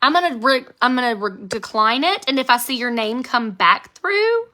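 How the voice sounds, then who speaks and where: An American author in her thirties chats casually on a phone live stream, giggling as she reads out viewer comments. Her slightly high voice, strained from an old vocal injury, swings widely in pitch at a normal speed with a sharp tone.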